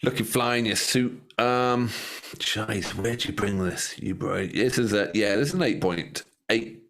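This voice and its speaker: A man with an English accent co-hosting a music reaction show, joking and laughing in relaxed banter. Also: fairly low pitch, a little slow. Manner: joking, laughs often, playful. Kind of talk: casual banter.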